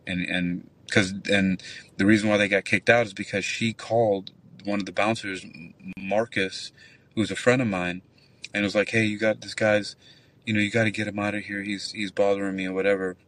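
Bouncer guy ranting a club story, cussing a lot, lowish voice, kinda far from the mic. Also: moderate pace. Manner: rambling, profane, animated retelling. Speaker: nightclub bouncer. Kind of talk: casual storytelling on a call-in show.

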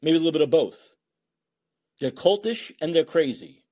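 A man hosting a podcast, talking alone in sarcastic, animated political commentary, swearing and thinking out loud. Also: on the high side, normal speed, muffled recording. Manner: animated and sarcastic, mocking voices of opponents. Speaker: podcast host.

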